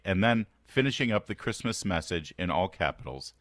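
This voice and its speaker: A man with a very low voice hosts a morning radio talk show in an American accent. He swings his pitch around a lot and reads quotes aloud with sardonic emphasis, and the studio sound is dry and close. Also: lively intonation, moderate pace, few pauses, fairly bright tone, no room sound. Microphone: studio microphone.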